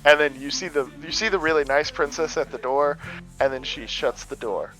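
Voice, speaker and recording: A man's voice: fairly high pitch, normal speed, a bit bright. A man from the American Midwest running a tabletop game as game master, narrating loosely with plenty of fillers. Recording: dull lo-fi audio, faint music.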